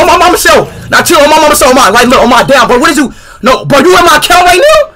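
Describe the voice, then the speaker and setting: High, bright, excitable young male streamer. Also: racing, hardly any pauses, slight background noise. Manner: excitable, exasperated, profane, bursts into shouting. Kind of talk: live game-stream commentary.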